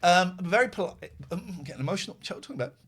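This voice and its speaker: A man's voice: sits high, lively intonation, racing, a bit bright, breathy edge. A man hosting a podcast, telling exasperated, rambling anecdotes in casual chat. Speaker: podcast host.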